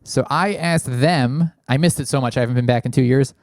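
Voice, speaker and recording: A man's voice: mid-range voice, fairly quick, no room sound. A man hosting a casual call-in show, talking loosely with lots of fillers, close on a large studio microphone in a small studio. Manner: rambling, many fillers. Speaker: podcast host. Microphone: large studio mic, spoken into closely.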